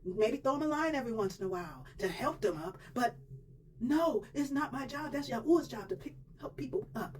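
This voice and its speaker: A woman with a fairly high voice tells a personal faith testimony, animated and emphatic in her everyday phrasing. She sits a bit away from the microphone, with a faint hiss of background noise underneath. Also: brisk, far from the mic, low-quality recording. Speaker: testimony speaker.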